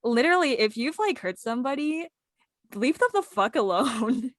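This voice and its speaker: A woman's voice: sits high, animated, moderate pace, dry recording, studio quality. A woman co-hosting a podcast, reacting to her friend's story with blunt, supportive comments and swearing. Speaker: podcast co-host. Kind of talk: casual chat.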